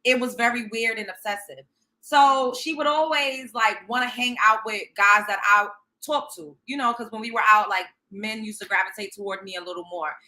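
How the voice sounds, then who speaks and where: Speaking at a moderate pace in a slightly high, bright voice with a forceful edge, this Brooklyn-born host spins a story. She's young, sassy, blunt and profane as she gives her commentary.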